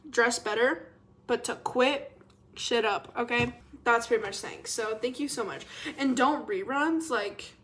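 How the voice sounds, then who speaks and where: Chatty young woman, rambling and expressive. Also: a little high. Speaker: vlogger. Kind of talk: casual chat to camera.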